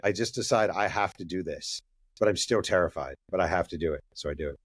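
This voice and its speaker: Lively lower-voiced male author telling stories. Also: fast, no room sound, clean studio sound. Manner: lively storyteller who acts out dialogue and uses many fillers. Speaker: author, podcast guest. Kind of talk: casual interview storytelling.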